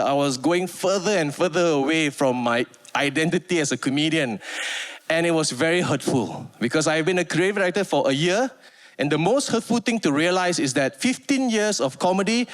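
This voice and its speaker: A man in his thirties with a Malaysian English accent, performing stand-up comedy on stage, animated and mimicking voices. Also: on the high side. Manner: animated, mimics voices, sings snatches of rhymes. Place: on stage before a live audience.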